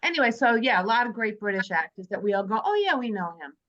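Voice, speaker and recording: A woman's voice: fairly high pitch, very animated, fast, a bit bright. A woman hosting a casual movie club chat, reading from her notes and joking with friends. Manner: chatty, jokey, reads from prepared notes. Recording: dull lo-fi sound.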